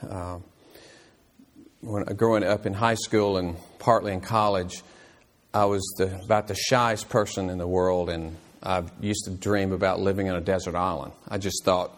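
A man teaching a church Bible class in an earnest, explanatory way, halting often with fillers and restarts. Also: low voice.

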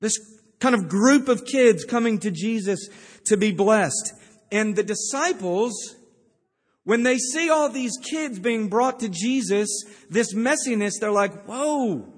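A man's voice: sits high, expressive, a little slow, long reverb tail. A male pastor preaching a sermon, with emphatic storytelling. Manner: emphatic storytelling with acted-out quotes.

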